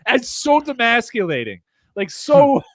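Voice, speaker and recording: A man telling stand-up road stories in a casual podcast chat, brash and profane, sometimes loud and laughing. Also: very high voice, wildly swooping pitch, measured pace, over a noisy crowd. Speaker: touring stand-up comedian, podcast guest.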